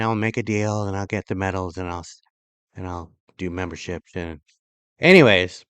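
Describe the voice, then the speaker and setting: Rambling sarcastic middle-aged vlog host. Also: male voice, low-pitched, moderate pace, fairly bright tone, clean tone, dry recording. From California. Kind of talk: casual commentary reacting to clips.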